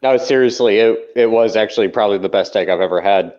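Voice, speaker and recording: A man's voice: on the low side, fast talker, a little mellow. A man co-hosting a casual podcast chat, talking emphatically and with plenty of swearing. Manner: profane, emphatic, insistent. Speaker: podcast co-host. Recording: dull lo-fi sound.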